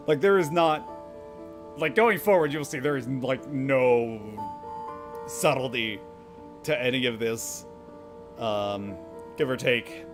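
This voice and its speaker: A man's voice: mid-range voice, slow pace, long pauses, music in the background. A man doing critical live gameplay commentary, sarcastic and swearing, with frequent laughs. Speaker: game streamer.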